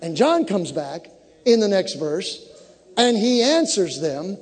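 A man with a high voice preaches a sermon, his words ringing through a long hall reverb. He builds to fervent shouts and drops into joking asides to the congregation. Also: sing-song, takes it slowly, husky.

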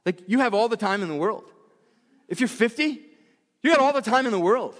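A man's voice: high-pitched, animated, fairly quick, fairly bright tone, long reverb tail. A man preaching a sermon in a church, emphatic and repetitive, often restarting his phrases.

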